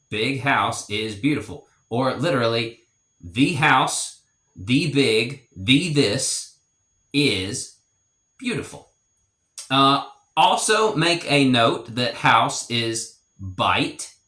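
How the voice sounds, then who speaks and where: A man teaching grammar in a slow, deliberate lesson, repeating each example phrase. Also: mid-range voice, animated, bright, forceful tone, roomy sound. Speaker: language teacher. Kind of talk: explanatory language lesson.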